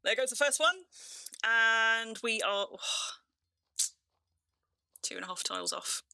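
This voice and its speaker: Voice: mid-range voice, wildly swooping pitch, normal speed, bright, forceful tone, dry recording. English streamer, RP-leaning accent, chatty commentary, dry close sound. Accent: southern English, near RP. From England. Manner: chatty and self-correcting, laughs often. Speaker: game streamer. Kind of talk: casual live-stream commentary.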